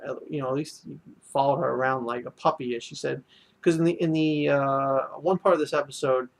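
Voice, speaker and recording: A man's voice: medium pitch, fairly even intonation, fairly quick, gravelly. A man casually reviewing an anime episode, rambling with many fillers and restarts.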